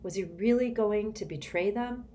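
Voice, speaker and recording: A woman narrating an audiobook in a measured, expressive storytelling manner. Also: medium pitch, slight background noise.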